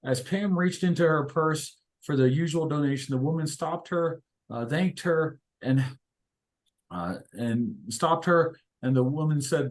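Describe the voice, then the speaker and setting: A man's voice: on the high side, a little slow. A man leading an inspirational discussion, telling stories in a reflective, hesitant way with many fillers. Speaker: discussion leader. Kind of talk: inspirational talk with storytelling.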